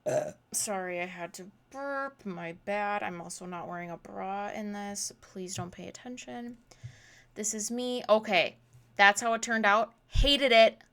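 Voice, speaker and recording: A woman's voice: mid-range voice, measured pace, sharp tone. A young woman in her twenties narrating her crafting vlog in a casual voice-over, bubbly and gushing, laughing at herself. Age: 20s. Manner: bubbly, gushing, self-deprecating, says "literally" and "oh my god" a lot. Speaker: crafting vlogger.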